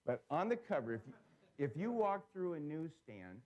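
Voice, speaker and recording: A man giving a seminar talk to a live audience, telling stories in an animated way and putting questions to the crowd. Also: on the high side, normal speed, muffled recording. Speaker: seminar speaker.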